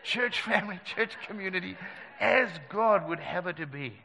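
A pastor leading a communion sermon and prayer, talking earnestly and emphatically and repeating key phrases. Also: male voice, high-pitched, animated, moderate pace, gravelly, pushed and bright, long reverb tail, rough recording. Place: church service.

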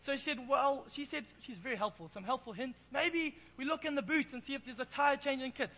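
A man's voice: very high-pitched, a little fast, sharp tone, poor audio. An Englishman preaching in church, telling a self-deprecating, playful story. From England. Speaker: pastor. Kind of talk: sermon with humorous storytelling.

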